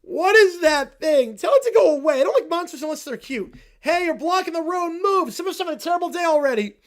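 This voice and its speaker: A man's voice: very high voice, expressive, fast, pitched above the performer's own voice. A man voicing a whiny, bratty little kid who complains about everything and sounds close to tears. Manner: whining, complaining, near tears.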